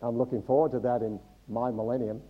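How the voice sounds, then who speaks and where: A man's voice: mid-range voice, flat delivery, fast, narrow, tinny audio. A male pastor preaching a sermon to a congregation, teaching from the Bible and quizzing the listeners with humorous asides. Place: church service before a congregation.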